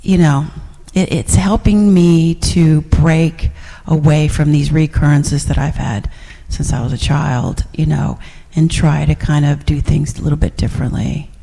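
Middle-aged woman, class sharing, rambling, husky voice, long reverb. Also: low-pitched, steady tone, measured pace, hardly any pauses, dark tone. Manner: rambling, full of fillers and restarts, laughs often. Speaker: class participant. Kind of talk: sharing reflections in a group class.

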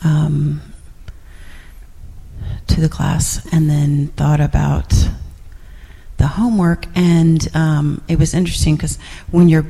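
A woman's voice: low-pitched, level tone, slow, vocal fry, pauses often, warm tone, breathy edge, in a large hall. A middle-aged woman sharing reflections in a class, rambling with many fillers and restarts. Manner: rambling, full of fillers and restarts, laughs often. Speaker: class participant.

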